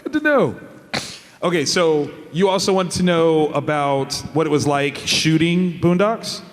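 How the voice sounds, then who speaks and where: A man's voice: a little high, a little slow. Teasing man chiming in, hall echo. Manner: chiming in with short teasing remarks. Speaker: actor on a convention panel. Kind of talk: panel banter. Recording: reverberant hall.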